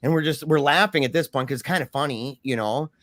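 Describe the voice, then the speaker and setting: A man guest telling a story in casual talk, animated, with many restarts and fillers. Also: a little high, quick pace, no room sound.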